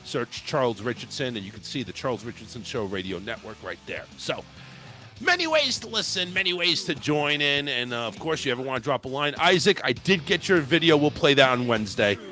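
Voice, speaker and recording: A man's voice: medium pitch, lively intonation, fairly quick, bright, forceful tone. A man hosting a talk radio show, chatting casually in a laid-back, joking and rambling way.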